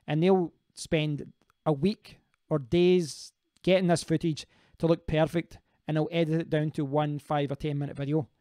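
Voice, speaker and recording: A man's voice: fairly high pitch, mellow, clean tone, no room sound, studio quality. A man hosting a casual live stream, rambling as he answers viewers' comments and often restarting his sentences.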